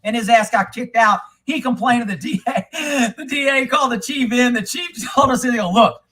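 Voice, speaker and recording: A man's voice: extremely high pitch, normal speed, slightly rough. A man, a former police investigator, telling profane stories in casual talk and acting out the people he quotes. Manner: animated, swears often, acts out quoted people. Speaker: podcast host telling stories.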